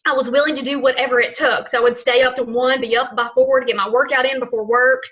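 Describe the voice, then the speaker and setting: A woman's voice: high voice, fast. Chatty Southern woman on a muffled call. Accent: Southern US (Alabama). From Alabama, USA. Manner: chatty and excitable, laughs often, rambling asides. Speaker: guest speaker. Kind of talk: casual talk on a team call. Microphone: online call. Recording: dull lo-fi call audio.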